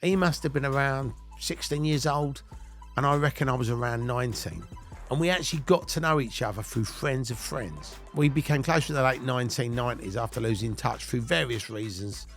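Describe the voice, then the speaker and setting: A man in his fifties with an English accent spins rough tales of his past in a mid-pitched, everyday voice. He swears freely and keeps laughing at his own stories. His tone stays casual and blunt. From England. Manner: blunt and heavily profane, breaking into laughter. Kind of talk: casual anecdotal storytelling.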